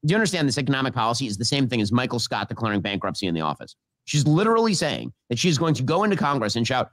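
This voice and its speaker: Rapid-fire sarcastic commentator, man. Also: medium pitch, big pitch swings, no room sound. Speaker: political commentator. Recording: played clip.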